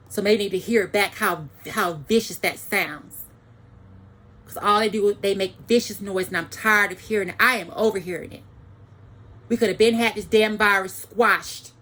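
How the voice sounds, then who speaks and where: Woman, vlogger, heated rant, profane, repetitive emphasis, mid-pitched voice. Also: normal speed, a bit bright. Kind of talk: angry ranting monologue.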